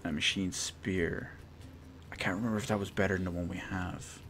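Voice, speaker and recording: Young guy streaming a game, lowish voice, dry jokey asides. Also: flat delivery, moderate pace, fairly bright tone. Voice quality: wry, joking asides. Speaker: let's play streamer. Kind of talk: casual gameplay commentary.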